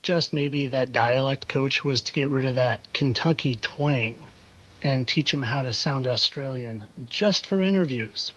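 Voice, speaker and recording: A man's voice: mid-range voice, unhurried, a bit bright, a little hiss or hum. A man hosting a monologue video, talking in a sarcastic, insinuating way and repeating phrases for effect. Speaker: conspiracy video host. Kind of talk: monologue over clips. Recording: dull lo-fi sound.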